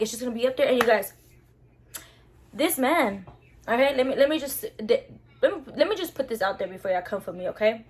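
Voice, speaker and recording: A young woman telling a story to her viewers in a casual, animated, slangy way, full of swearing. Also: on the high side. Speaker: vlogger.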